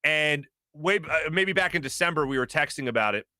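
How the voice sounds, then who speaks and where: A man hosting a sports talk show in a studio, telling a story in a lively way and laughing as he acts out what people said. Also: on the high side, fairly quick, no echo. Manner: animated, laughing as he acts out quotes. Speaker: host. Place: radio studio.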